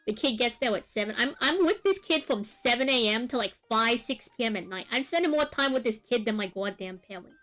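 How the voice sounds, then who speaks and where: Young woman, high voice, rambling casual storytelling, lots of fillers, faint music behind. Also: animated, a little fast, hardly any pauses, fairly bright tone. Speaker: art streamer. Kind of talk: casual chat while drawing on stream.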